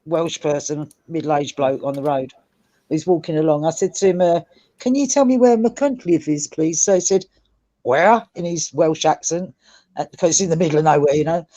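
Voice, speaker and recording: A woman's voice: deep voice, brisk, dark tone, dry recording. A woman in a casual video-call group chat, telling anecdotes with frequent laughs and stammered restarts.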